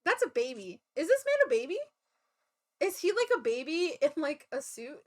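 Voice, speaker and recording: A woman's voice: high-pitched, big pitch swings, moderate pace, a little mellow. A woman streamer casually joking and swearing while playing a courtroom game.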